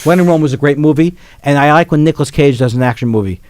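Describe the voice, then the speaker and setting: A man's voice: on the high side, darkish tone, dry recording. A male comedian from Queens, joking and riffing as a radio studio guest. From Queens, New York. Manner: joking, quick riffs and bits. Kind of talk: casual radio banter.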